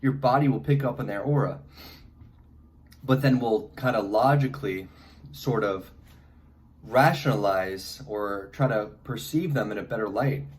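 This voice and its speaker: A man's voice: fairly low pitch, unhurried. A young man with a congested head cold, talking casually to camera and rambling with lots of fillers and restarts. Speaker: vlogger. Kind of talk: casual advice monologue.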